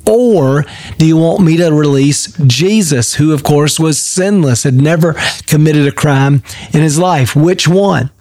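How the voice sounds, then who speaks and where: A man's slightly higher voice sets the tone of a pastor's daily devotional. He reads and teaches with earnest emphasis, and the sound is dry with no room ring around it. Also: a little slow, darkish tone, no room sound.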